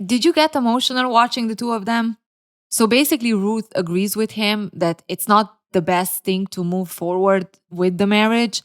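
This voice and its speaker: A woman's voice: medium pitch, moderate pace. A woman recapping and reviewing a reality dating show in casual commentary, blunt and opinionated, openly emotional.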